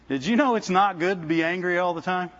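A man preaches in a loose, conversational way, often stumbling and repeating words before going on. His voice sits high for a man, and he keeps turning to the congregation with "Amen?" The recording sounds muffled and lo-fi. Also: fairly bright tone. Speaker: visiting preacher. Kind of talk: sermon. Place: church service with congregation.

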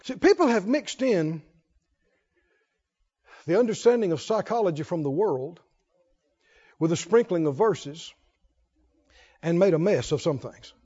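A man's voice: high voice, expressive, a little slow, long pauses, warm tone, husky, dull audio. A man preaching a sermon to a congregation, emphatic and drawing out words for weight, asking the listeners questions. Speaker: pastor. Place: church before a congregation.

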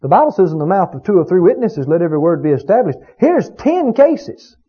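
A man's voice: high-pitched, very animated, brisk, breathy edge. A man preaching a sermon, emphatic and full of rhetorical questions to his congregation. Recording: dull lo-fi recording.

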